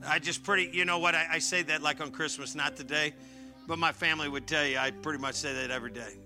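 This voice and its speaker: A man preaching a sermon as pastor, swinging from hushed asides to fervent shouting. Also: fairly high pitch, steady tone, fast talker, soft background music.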